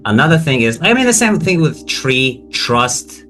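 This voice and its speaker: A man hosting a casual interview and tutoring pronunciation, talking with many restarts and animated questions. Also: a little high, quick pace, faint music behind. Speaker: podcast host and pronunciation tutor.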